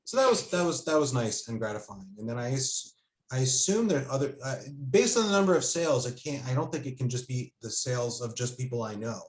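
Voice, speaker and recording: A man at a middle pitch, talking casually as an author and guest. He hesitates often, stacking ums and starting sentences over. His voice rings with noticeable room echo. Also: big pitch swings, fast. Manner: hesitant, many fillers and restarts. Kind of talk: casual conversation. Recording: roomy echo.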